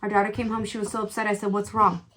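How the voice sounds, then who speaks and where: A woman's voice: medium pitch, completely flat delivery, very fast, a little hiss or hum. Chatty woman doing a makeup tutorial. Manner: chatty, candid, exclaims often. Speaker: beauty vlogger. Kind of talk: casual makeup tutorial with storytelling.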